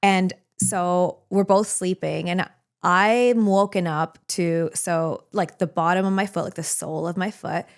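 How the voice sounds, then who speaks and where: A woman's voice: on the low side, unhurried, clear, resonant tone. Young woman telling a story, lots of fillers. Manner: filler-heavy, animated storytelling. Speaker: guest storyteller. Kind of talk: casual podcast chat.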